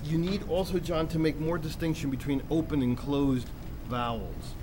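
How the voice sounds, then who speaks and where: A man's voice: on the high side, fairly even intonation, normal speed. A man coaching singers in a masterclass, explaining patiently and often restarting his sentences. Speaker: vocal coach. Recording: noisy room recording.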